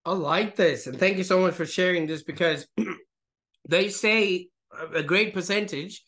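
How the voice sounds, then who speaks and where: A man hosts a podcast interview in a high voice. He asks his questions in a loose, rambling way, with plenty of fillers along the way. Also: a little slow, a bit bright. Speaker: podcast host. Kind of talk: interview questions, casual chat.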